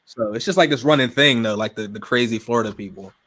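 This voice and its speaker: A young man from Pittsburgh with a Pittsburgh accent, chatting casually as a podcast guest, slangy and relaxed, often trailing off quietly. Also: mid-range voice, fast talker. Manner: relaxed, slangy, drifts quieter at phrase ends. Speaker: guest gamer and streamer.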